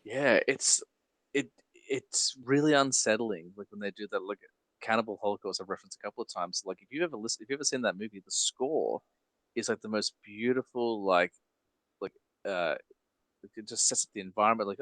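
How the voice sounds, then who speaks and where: A man hosting a podcast, talking casually and rambling with lots of fillers and quick laughs. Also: on the low side, a bit bright, no room sound. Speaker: podcast host. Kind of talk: casual chat.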